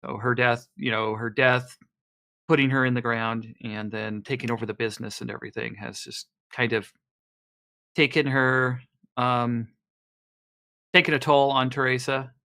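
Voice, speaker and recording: A man playing a tabletop game, describing what his character thinks and does. His voice is bright and forward, at an average pitch. He talks haltingly, with lots of fillers and restarts. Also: fairly even intonation. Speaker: player.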